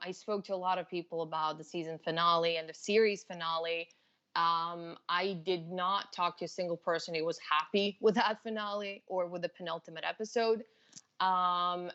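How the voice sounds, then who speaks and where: A woman guest on a casual live stream, giving her opinions in an earnest, measured way. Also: on the low side, fairly bright tone, dull audio.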